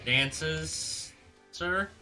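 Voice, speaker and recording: A young man streaming a game, rambling casually and answering chat with halting restarts. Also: on the high side. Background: background music.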